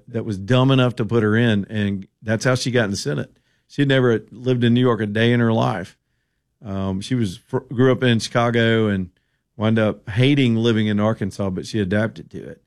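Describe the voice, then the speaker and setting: A man hosting a radio talk show, giving casual political commentary in an opinionated, rambling way with sarcastic asides. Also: on the low side.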